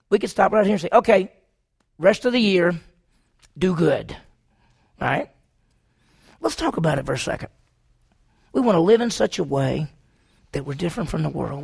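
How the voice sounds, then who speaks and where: A man's voice: high voice, creaky, darkish tone, husky. A man preaching a sermon, driving his points home with repeated rhetorical questions to the congregation. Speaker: pastor.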